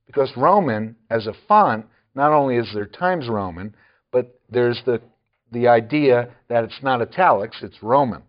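A man's voice: mid-range voice, lively intonation, moderate pace, muffled recording. A man preaching a sermon, often chuckling and adding wry asides.

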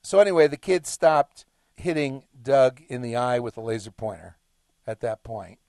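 A man's voice: medium pitch, lively intonation, normal speed, a little mellow, dry recording, clean studio sound. A middle-aged man hosting a talk show, delivering an emphatic, lecturing monologue. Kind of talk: monologue commentary.

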